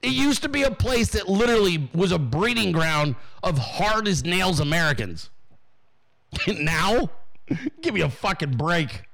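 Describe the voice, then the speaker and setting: A man's voice: sits high, moderate pace, gravelly, fairly bright tone. A male podcast host in a profane, mocking rant, often mimicking imagined people.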